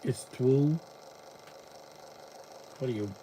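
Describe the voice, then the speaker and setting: A man's voice: mid-range voice, extremely slow, mellow, slight background noise. A man giving casual, rambling live commentary while watching a movie. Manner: rambling, chatty, frequent restarts.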